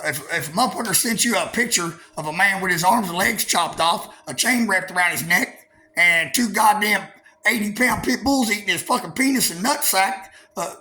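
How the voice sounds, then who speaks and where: A man with a drawl, talking high in his range, rants combatively to his viewers. His talk is profane and full of stammered fillers, with a faint hiss of noise behind him. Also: pushed and bright. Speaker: vlogger. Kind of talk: angry profane monologue to camera.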